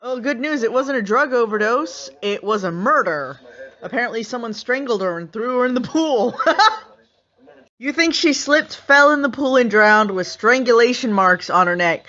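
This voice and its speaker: This reaction host's voice runs on the high side, expressive and a bit bright, at an ordinary pace. She keeps her commentary casual and sarcastic and laughs a lot. The sound is slightly muffled and lo-fi.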